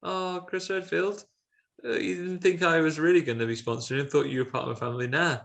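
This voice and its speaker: A spiteful monster scientist, put on by a man in a higher, sneering voice with a gravelly edge. He throws out casual, petty insults like a grudging bloke. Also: fairly even intonation, a little fast, fairly bright tone. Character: spiteful scientist turned monster, male adult.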